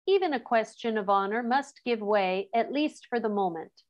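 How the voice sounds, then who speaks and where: A woman reading aloud voices a valiant, courtly male talking mouse with a shrill, piping voice. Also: expressive, moderate pace, lo-fi sound, close to an everyday voice. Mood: stiff. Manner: formal, courtly. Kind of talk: storybook read-aloud.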